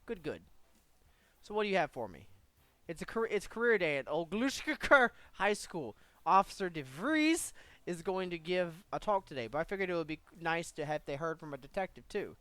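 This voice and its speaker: A man's voice: on the high side, big pitch swings, moderate pace, sharp tone, no room sound. Man reading as a chatty small-town police captain. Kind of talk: reading game dialogue aloud.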